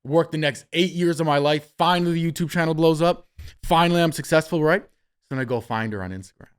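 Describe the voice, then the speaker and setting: A young man hosting a podcast, telling a story in a casual, animated way, swearing freely and acting out what people said. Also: on the high side, quick pace, clear, resonant tone. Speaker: podcast host.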